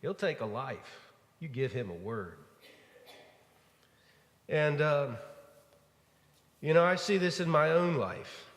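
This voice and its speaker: A pastor preaching a sermon in a church, telling stories in a relaxed, conversational way with frequent fillers. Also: male voice, on the high side, slow, long pauses. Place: church sanctuary. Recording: echoey church hall.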